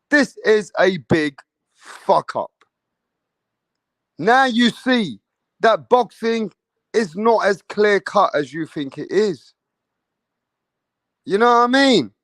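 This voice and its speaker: Young british man, high voice, slow heated rant, dry close sound, boxing channel host. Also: fairly bright tone, no room sound. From Britain. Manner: heated, profane, repetitive, addresses viewers directly. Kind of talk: ranting commentary video.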